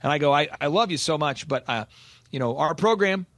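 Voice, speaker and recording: A man hosting a business coaching podcast, telling stories in an animated, emphatic way. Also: fairly high pitch, no echo. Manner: animated storytelling, quick and emphatic. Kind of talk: energetic casual podcast talk.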